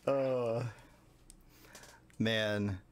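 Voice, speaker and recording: A young adult man streaming a live reaction, emotional and quick to laugh and swear. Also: on the low side, steady tone, heavy background noise.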